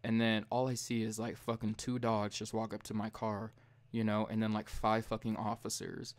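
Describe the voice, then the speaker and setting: A young man hosting a casual late-night podcast, retelling a story in a profane, heated way. He jumps high and loud when he imitates himself. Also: completely flat delivery, moderate pace. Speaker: podcast host.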